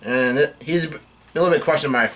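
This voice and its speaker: Southern guy reading a manga chapter out loud, kinda high voice, stops and restarts a lot. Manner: halting read-aloud with restarts and asides. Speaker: manga reaction host. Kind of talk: reading aloud and reacting to a comic chapter.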